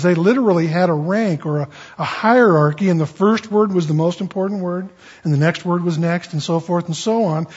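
A man's voice: high-pitched, a little mellow, breathy edge. A man preaching a conversational, emphatic sermon, teaching from scripture with rising bursts of emphasis. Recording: dull, lo-fi sound.

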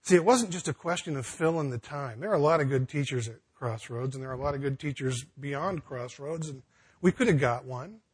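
A man's voice: mid-range voice, brisk, breathy edge. A man preaching a sermon in a conversational, folksy way, with frequent restarts and casual asides. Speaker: pastor.

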